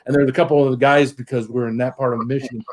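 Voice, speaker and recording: Male guest, middle pitch, rambling anecdote, casual swearing. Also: fairly even intonation, very fast, darkish tone. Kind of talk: casual chat.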